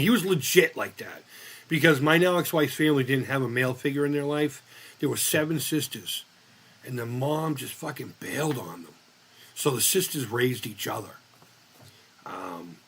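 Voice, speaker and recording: A man's voice: mid-range voice, fairly bright tone, husky. A man hosting a casual livestream chat, telling long stories in a rambling way and swearing freely. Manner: profane, rambling storyteller. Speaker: livestream host.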